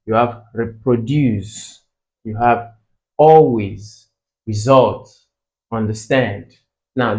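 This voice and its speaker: A man with a Nigerian English accent tutoring exam English, slowly repeating words to drill their pronunciation. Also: medium pitch, darkish tone, poor audio. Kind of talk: tutorial explanation.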